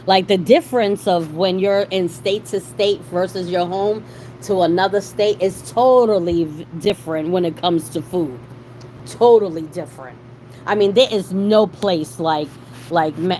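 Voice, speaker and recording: A woman's voice: fairly low pitch, slight background noise, low-quality recording. A woman with a Boston accent chatting casually to her livestream viewers, rambling and restarting her sentences as she tells stories. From Boston, Massachusetts. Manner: rambling, animated storytelling with frequent restarts. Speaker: livestream host.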